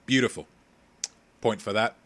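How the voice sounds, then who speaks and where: A man's voice: on the low side, normal speed, a bit bright. A man hosting a live-streamed comedy quiz from a home setup, joking playfully and breaking into sung snippets of song lyrics. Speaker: quiz host.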